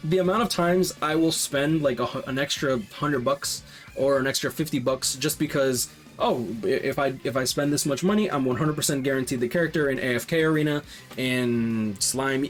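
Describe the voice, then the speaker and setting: A man casually talking through game survey results as a YouTuber, rambling with lots of fillers and restarts. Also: medium pitch. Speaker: gaming YouTuber.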